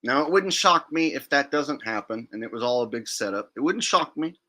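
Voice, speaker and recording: A man's voice: mid-range voice, lively intonation, a little fast, pushed and bright. A man hosting a livestream, talking in a blunt, defiant and profane way. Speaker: livestream host. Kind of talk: casual livestream rant.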